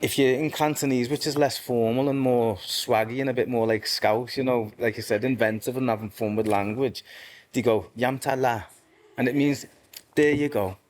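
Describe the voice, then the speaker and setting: A man talking in an easy, chatty way and spinning a story, often correcting himself mid-phrase. His voice sits at an ordinary middle pitch. Faint noise hums behind him. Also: fairly even intonation, moderate pace, darkish tone. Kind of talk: casual interview talk.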